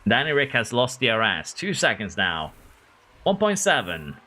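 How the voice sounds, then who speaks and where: Male streamer, excitable live commentary, bright tone. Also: mid-range voice, moderate pace. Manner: excitable, talks to drivers and chat. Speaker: gaming streamer.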